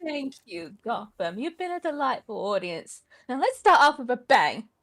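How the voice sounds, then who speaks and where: A manic clown villain voiced by a woman in a showy, theatrical delivery. The voice sits high and swings wildly up and down. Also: big pitch swings, normal speed, a bit bright.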